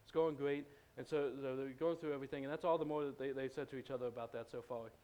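A man's voice: medium pitch, steady tone, fast, warm tone. A man preaching in a church, telling a story in a loose, conversational way, with many fillers and restarts. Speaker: pastor. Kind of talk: storytelling sermon.

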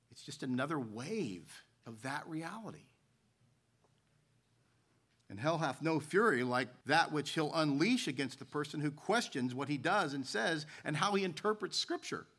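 A man's voice: a little high, lively intonation, measured pace, long pauses, fairly bright tone. A man preaching a sermon as a pastor, telling stories and reading scripture aloud in an earnest way.

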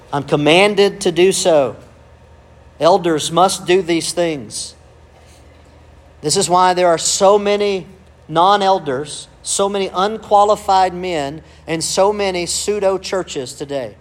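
A male pastor, preaching a sermon with emphatic rhetorical questions and calls of amen. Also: high-pitched.

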